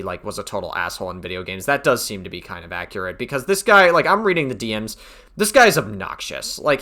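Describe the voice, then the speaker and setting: A man talks through a casual reaction commentary with a bright, forceful edge to his voice. He rambles, leaning on filler words. He jumps from sudden loud bursts down to low mutters. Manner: rambling, many "like" fillers, swings between loud outbursts and mumbles. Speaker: commentary streamer reacting to allegations.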